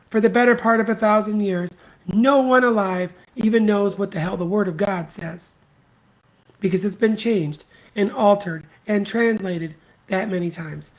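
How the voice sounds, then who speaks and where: A podcast host ranting solo, blunt and scornful, swearing freely and hammering points home by repeating them. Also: medium pitch. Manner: emphatic repetition. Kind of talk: solo opinion rant.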